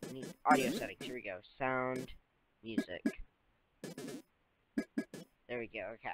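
A man's voice: medium pitch, fairly even intonation, measured pace, music in the background. A young man casually commenting on a game he is playing, rambling, giggling and talking to the characters on screen, recorded on a cheap new microphone. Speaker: let's play gamer.

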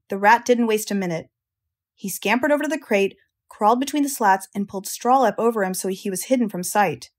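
A woman with an American accent reading a children's audiobook aloud in a clear, measured way for English learners. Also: medium pitch. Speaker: audiobook reader, English teacher.

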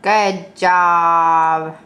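A woman's voice: fairly low pitch, fairly even intonation, very slow, pushed and bright. Mom filming her kids, coaxing sing-song voice. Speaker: mother. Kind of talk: talking to her small children on camera.

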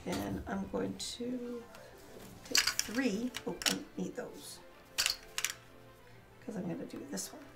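A woman's voice: mid-range voice, slow, creaky, long pauses, over loud music. A woman playing a board game on a stream, chatty and laughing, talking herself through each move. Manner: chatty, laughs often, talks herself through her moves. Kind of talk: casual chat while playing a board game. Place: indoors at a game table.

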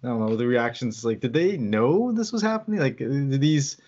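A man's voice: medium pitch, expressive, normal speed, darkish tone, slight background noise. Hesitant man in a casual chat. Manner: thoughtful, hesitant. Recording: slightly dull lo-fi audio.

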